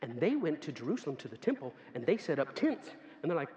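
A man preaching a sermon, telling a lively story and acting out the people in it with bursts of laughter. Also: a little high, quick pace, few pauses, slight background noise. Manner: animated, laughing storyteller who acts out quoted voices. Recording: dull, echoey hall sound with faint ambience.

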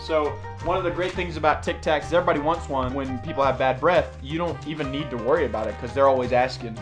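A man's voice: mid-range voice, fast talker, music in the background. A young man giving a playful, joking tour of his tiny house to his friends. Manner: playful, jokey and excitable. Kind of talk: casual chat, house tour. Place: indoors, small decorated hut.

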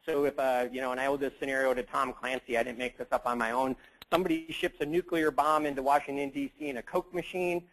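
A man's voice: mid-range voice, fairly even intonation, fast talker, a bit bright, poor audio. Joking, rambling male tech presenter. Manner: casual, joking, rambling with many fillers. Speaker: conference presenter. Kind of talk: conference talk.

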